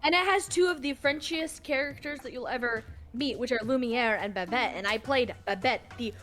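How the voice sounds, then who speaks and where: Woman hanging out on a stream, giggly and chatty, bit high. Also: moderate pace, a bit bright. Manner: laughs easily, chatty. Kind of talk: casual chat.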